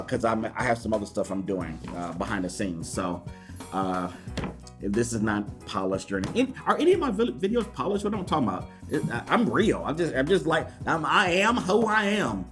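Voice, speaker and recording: Excited man with a lively voice. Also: fairly quick, music in the background. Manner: animated, laughs often, pitch jumps high with excitement. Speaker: YouTube vlogger. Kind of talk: excited casual unboxing vlog.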